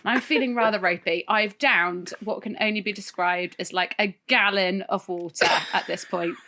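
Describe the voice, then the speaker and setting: A woman co-hosting a podcast, telling a funny story in casual chat, animated and often laughing. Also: mid-range voice, moderate pace. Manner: animated, laughing, tells stories with voiced asides. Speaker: podcast co-host.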